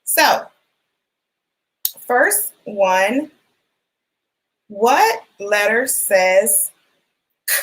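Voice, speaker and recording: Very slow, patient woman teaching phonics. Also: mid-range voice, big pitch swings, fairly bright tone, a little hiss or hum, poor audio. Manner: slow, clearly sounding out letters and words; encouraging, asks questions and waits. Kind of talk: phonics lesson for young children.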